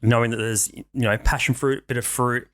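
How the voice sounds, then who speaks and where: A man, co-hosting a podcast in relaxed, rambling chat with many fillers. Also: mid-range voice, fairly quick. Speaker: podcast co-host.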